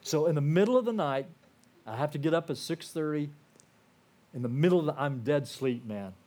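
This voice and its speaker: A man's voice: a little high, animated, moderate pace. An older man giving a personal testimony to a church audience. He tells the story in a conversational way, with lots of "you know" and restarts, and he turns earnest and emotional. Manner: earnest and emotional, dropping softer at heavy moments. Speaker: guest speaker sharing his testimony.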